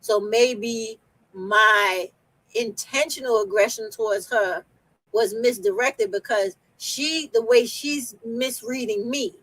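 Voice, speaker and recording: A woman with a New York accent hosts a casual conversation, speaking bluntly and directly and swearing without hesitation. Her voice sits a little high, and the recording is dry and close. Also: takes it slowly, a bit bright, no room sound, low-quality recording. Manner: blunt, outspoken, swears freely. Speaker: host. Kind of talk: casual chat.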